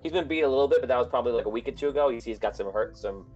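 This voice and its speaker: A man's voice: mid-range voice, racing, darkish tone, dull audio, faint music behind. A man running a tabletop game as game master, narrating loosely with lots of restarts.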